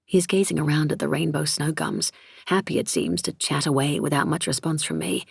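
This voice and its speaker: A woman narrating a novel in the first person, measured and reflective, recorded close in a studio. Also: low voice, sing-song, gravelly, breathy edge, no echo. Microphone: close studio mic.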